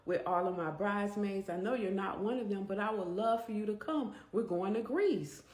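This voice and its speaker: A woman's voice: medium pitch, moderate pace, darkish tone, reverberant, close to an everyday voice. A woman voicing a sly young woman, a former bully turned sister-in-law, who talks in a coaxing, pushy way.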